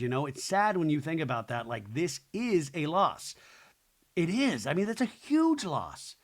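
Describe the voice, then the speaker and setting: A man's voice: on the high side, very animated, unhurried. A man hosting a podcast, chatting casually through a reality TV recap with opinionated asides. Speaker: podcast host.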